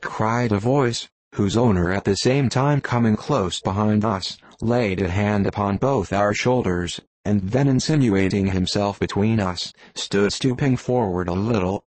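A man reading a classic novel aloud as an audiobook narrator, in a measured, deliberate way. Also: fairly low pitch, no room sound. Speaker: audiobook reader. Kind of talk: scripted narration.

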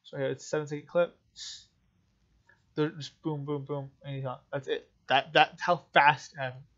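Vlogger, male, slightly high voice, emotional rambling commentary with restarts, muffled lo-fi audio. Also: little pitch movement, moderate pace, fairly bright tone. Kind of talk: rambling commentary while reading articles.

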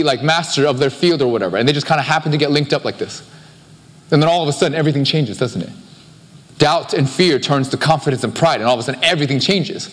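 A male pastor preaching a sermon in a conversational, animated way, with quick offhand asides. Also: a little high. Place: church sanctuary. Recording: live-streamed sermon with long hall reverb.

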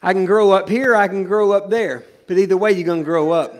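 High-voiced preaching pastor, man. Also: fairly quick. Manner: swings from loud preaching to low, joking asides. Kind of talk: sermon. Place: church sanctuary.

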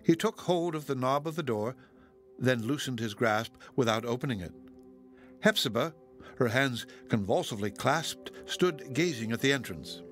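A male audiobook narrator reading a classic novel in a measured, expressive voice, slowing down on solemn phrases. His voice sits in a middle pitch. Quiet music plays underneath. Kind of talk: scripted narration.

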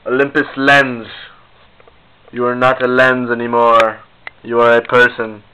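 A man's voice: medium pitch, monotone, measured pace, sharp tone, a little hiss or hum, rough recording. A young man rambling casually to the camera in a goofy, self-mocking vlog. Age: young adult. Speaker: video blogger.

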